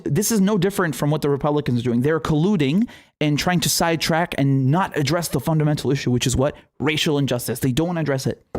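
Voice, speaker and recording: Young man, political commentary, slightly high-pitched, profane, sarcastic, animated ranting. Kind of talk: heated solo commentary.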